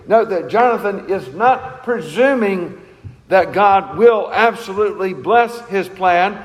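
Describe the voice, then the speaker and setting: A man's voice: sits high, animated, a little slow, long reverb tail, poor audio. A man preaching a sermon in an earnest, emphatic way, asking rhetorical questions. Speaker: pastor.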